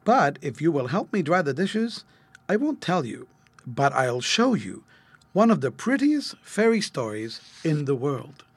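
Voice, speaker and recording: A man voicing a patient, gentle mother of three children in a storybook reading, speaking softly and kindly. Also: on the high side, sing-song, unhurried, slightly rough, no room sound, heavily acted.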